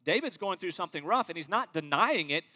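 A middle-aged man delivers a sermon with a high, bright, forceful voice. He preaches earnestly, pushing loud on key words and sinking into quiet, low asides. His tone stays sincere throughout. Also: expressive, quick pace. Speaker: pastor.

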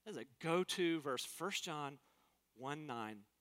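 A man's voice: on the high side, animated, takes it slowly, fairly bright tone. A man preaching a sermon as pastor, earnest and emphatic, acting out quotes in different voices. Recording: long hall reverb.

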